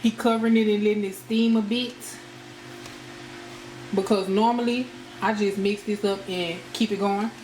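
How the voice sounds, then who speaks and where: A woman's voice: medium pitch, fairly even intonation, normal speed, long pauses, darkish tone. A woman, a home cooking vlogger, chatting casually to viewers as she shows a dish step by step in her kitchen. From United States. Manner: chatty, addresses viewers as y'all. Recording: echoey kitchen with cooking noise.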